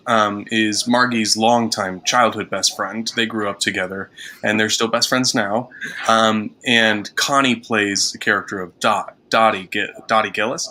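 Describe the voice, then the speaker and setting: Bright-toned low-voiced director. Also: male voice. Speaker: theatre director. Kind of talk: casual chat.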